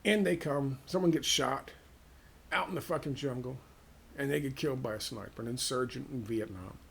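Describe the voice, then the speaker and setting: A man with an American accent giving a heated, profane political monologue, firing off rhetorical questions and dropping to hushed tones. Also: medium pitch, moderate pace, vocal fry, slightly rough. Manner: ranting, drops to hushed tones. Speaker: political commentator.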